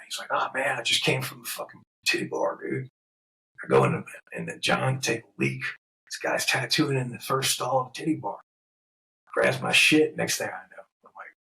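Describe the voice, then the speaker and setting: Gravelly man telling raunchy stories. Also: mid-range voice, brisk, poor audio. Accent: New York. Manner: profane, laughing, animated storyteller. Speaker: tattoo artist, podcast guest. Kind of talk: casual storytelling.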